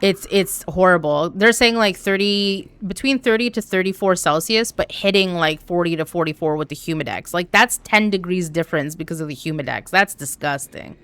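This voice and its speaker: A young woman from Canada talks casually to her viewers while she plays, animated and quick to swear. Her voice sits a little low and sounds smooth and clean. The sound is dry and close, with no room around it. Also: dry recording. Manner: chatty and animated, swears, reads chat aloud. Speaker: streamer. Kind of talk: casual live-stream chat while gaming. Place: home room.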